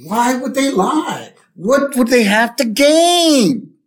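A man putting on the voice of a timid boy pleading with his friend, raising his pitch into a whiny, drawn-out tone. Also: lively intonation, full character voice.

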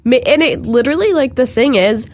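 A woman's voice: high-pitched, expressive, brisk, no echo. A young woman with a stuffy, congested voice, co-hosting a casual podcast and talking emphatically with frequent "like". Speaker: podcast co-host.

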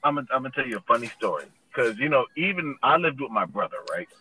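A man's voice: medium pitch, sing-song, quick pace, bright, forceful tone, slight background noise, poor audio. A man in his thirties casually telling a long personal story, laid-back and full of "you know" fillers.

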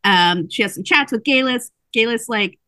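A woman hosting a casual podcast chat, recapping a book in animated storytelling and acting out the characters' lines. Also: on the high side, moderate pace, no echo.

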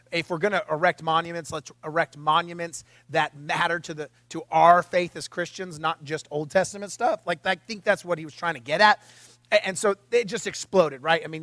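A man with a notably high, light voice preaches in a loose, conversational way. He is animated and chatty, slipping in wry asides. The sound is close and dry, with no room around it. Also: no echo. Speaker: pastor. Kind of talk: conversational sermon podcast.

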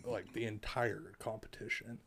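A man's voice: fairly low pitch, little pitch movement, moderate pace, gravelly, fairly bright tone, a little hiss or hum. A young man in casual chat, chiming in with profane side comments and questions.

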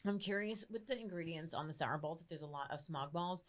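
Deep-voiced woman chatting casually. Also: a little fast, background noise. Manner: chatty, giggly asides. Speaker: co-host. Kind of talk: casual chat. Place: video call from home.

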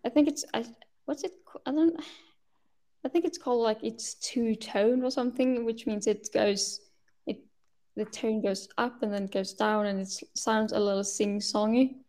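A woman whose first language is Swedish speaks English with a Swedish accent. Her voice sits a little high. She talks in a casual podcast style, breaking off and restarting her sentences as she hunts for the right word. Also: mellow. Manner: halting, restarts while searching for words. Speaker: guest.

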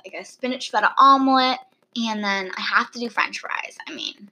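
A woman's voice: fairly high pitch, normal speed, pushed and bright, low-quality recording. A teenage girl chatting casually with a friend, rambling and giggling, chewing near the mic. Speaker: friend asking questions. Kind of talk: casual chat.

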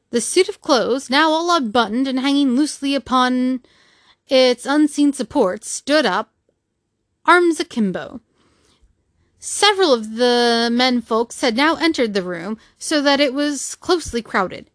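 A woman narrating a classic novel as an audiobook reader, steady and measured, close to the mic. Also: high voice, no room sound. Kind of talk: storybook narration.

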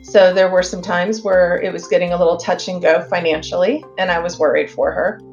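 A woman's voice: fairly low pitch, steady tone, fairly quick, lo-fi sound, faint music behind. A woman in an interview, speaking in a thoughtful, concerned way.

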